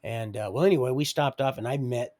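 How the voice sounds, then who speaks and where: Chuckling through loose digressions, a middle-aged man recounts his life story on a live stream in rambling fashion. His voice is medium-pitched and a little mellow, and his pace is brisk.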